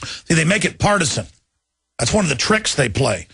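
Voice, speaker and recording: A man's voice: fairly high pitch, very animated, moderate pace, vocal fry, pauses often, a bit bright, husky, no echo. A man hosting a talk radio show, delivering an urgent, indignant monologue and pleading with his listeners.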